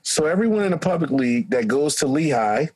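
A middle-aged man, a coach and co-host telling stories loudly and with animation in a casual podcast chat. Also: on the high side, fairly quick, slightly rough, dry recording, poor audio. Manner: loud, animated storyteller. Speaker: track and football coach, co-host.

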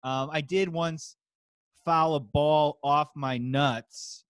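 A man in his forties hosting a podcast, chatting in a relaxed, rambling way. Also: a little high, slow pace, smooth, no echo. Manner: relaxed, rambling, lots of fillers. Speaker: podcast host. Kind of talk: casual comedic chat.

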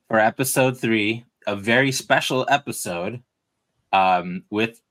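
A man with a New York accent hosts a casual podcast, chatty and relaxed. His voice sits a little low, and he laughs easily with his guests. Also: slow pace. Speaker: podcast host.

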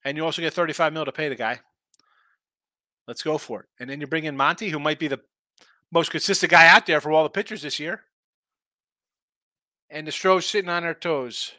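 A man's voice: a little high, brisk, pauses often, bright, forceful tone, no room sound. A man hosting a sports betting show, talking casually and rambling through opinionated takes full of rhetorical questions.

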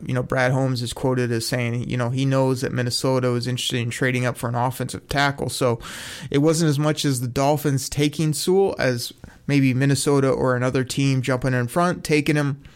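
A man's voice: medium pitch, clear, resonant tone. A man hosting a casual sports talk show, enthusiastic and rambling, with frequent restarts. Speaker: sports podcast host.

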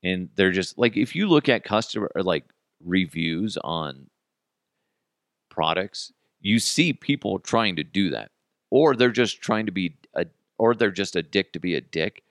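Gravelly, animated man telling stories. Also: low voice, a little slow, dry recording, studio quality. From Colorado, United States. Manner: animated, swearing, laughs while telling stories. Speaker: podcast host. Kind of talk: casual storytelling.

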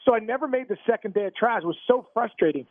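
A man telling stories as an interview guest, animated and stammering through restarts, laughing as he goes. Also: high-pitched, quick pace, dry recording. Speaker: guest, former pro ballplayer. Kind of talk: casual storytelling interview. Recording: tinny phone-line sound, dry.

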